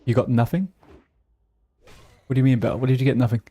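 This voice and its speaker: A man's voice: medium pitch, fairly even intonation, fast, dark tone. A young British man with a British accent, chatting casually with his live chat while playing a game, playful and easily sidetracked. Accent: British English. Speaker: streamer.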